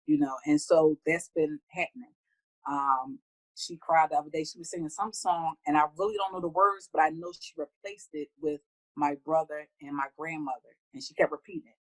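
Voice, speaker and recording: A middle-aged woman speaking heartfelt in a casual interview, often acting out her own conversations in a higher voice. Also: fairly quick, poor audio. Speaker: guest.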